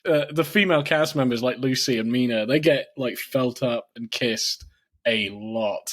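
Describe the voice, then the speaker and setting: A man's voice: mid-range voice, normal speed, fairly bright tone. A man chatting casually about films on a podcast, swearing freely and laughing often. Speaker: podcast co-host. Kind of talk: casual film chat.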